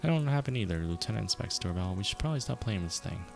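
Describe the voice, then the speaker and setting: A man streaming a video game, reading its narration aloud and reacting with quick casual asides. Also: on the low side, animated, gravelly. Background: game music.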